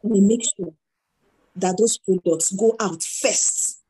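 A woman's voice: mid-range voice, slow pace, slightly rough, rough recording. A middle-aged Nigerian woman speaking as an interview guest, telling stories and acting out the dialogue in them. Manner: animated storyteller who acts out dialogue. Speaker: guest entrepreneur. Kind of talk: conversational interview.

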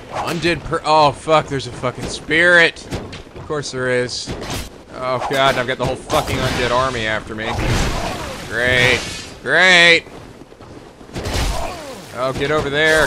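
A young man playing a video game while commenting, swearing and yelling often. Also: mid-range voice, a little slow, long pauses, noisy background. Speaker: let's play host. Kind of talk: gaming commentary. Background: game music.

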